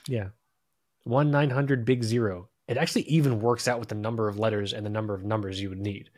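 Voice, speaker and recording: A man's voice: lowish voice, steady tone, a little fast, no echo, studio quality. A man co-hosting a podcast in casual chat, rambling and self-deprecating, often tripping over his words. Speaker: podcast co-host. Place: home, recording quietly at night.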